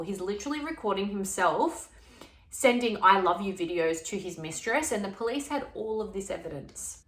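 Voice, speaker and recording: Recorded in a room with echo, a woman whose medium-pitched voice has a bit of brightness talks through a true crime case conversationally, chatting away and recounting exchanges in everyday language.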